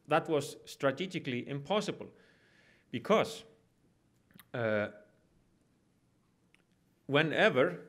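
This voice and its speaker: A man with an Icelandic accent delivers a public lecture in a university hall, his voice sitting a touch higher than most men's. He tells stories with dry humor and acts out scenes with props as he goes. He often stops and restarts his phrases mid-thought. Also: lively intonation, takes it slowly, pauses often, a bit bright. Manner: humorous, anecdotal storytelling with frequent restarts. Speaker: head of state giving a public address.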